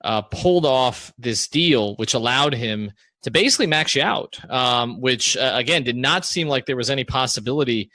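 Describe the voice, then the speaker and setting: A man's voice: mid-range voice, normal speed, hardly any pauses, pushed and bright, dry recording. A man interviewing a guest, recapping the story before his question. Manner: thoughtful, recaps before asking. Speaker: interviewer, sports writer.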